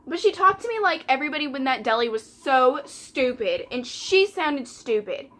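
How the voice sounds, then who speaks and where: A woman's voice: high-pitched, sing-song, moderate pace, fairly bright tone. A young woman, chatting casually while doing her makeup and retelling a story by quoting customers and coworkers. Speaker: vlogger.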